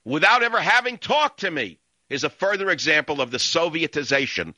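A man's voice: a little high, sing-song, fairly quick, sharp tone, no echo. Angry man ranting on radio. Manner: angry, ranting, insulting, repetitive. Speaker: radio talk show host. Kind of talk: radio talk show rant.

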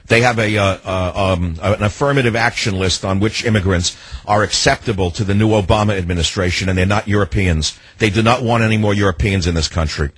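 An older man hosting a call-in radio talk show, combative and ranting, now and then rising to shouts. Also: lowish voice, a little fast, slightly rough, no echo, rough recording.

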